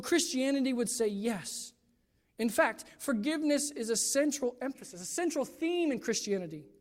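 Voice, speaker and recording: A man's voice: very high-pitched, in a large hall. A man preaching a chapel sermon, telling a story earnestly and often restarting his sentences. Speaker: student chapel speaker.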